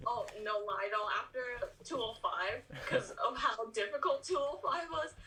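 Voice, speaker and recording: A woman's voice: on the high side, animated, normal speed, bright, forceful tone, far from the mic, a little hiss or hum, poor audio. A woman as a student in a casual lesson, curious and repeating words back.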